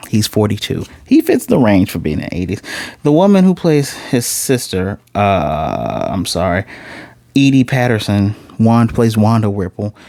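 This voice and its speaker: Animated Midwestern man rambling bluntly. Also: fairly low pitch, creaky, dry recording. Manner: rambling, blunt, with frequent asides and self-corrections. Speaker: TV reviewer. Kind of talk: casual spoken review.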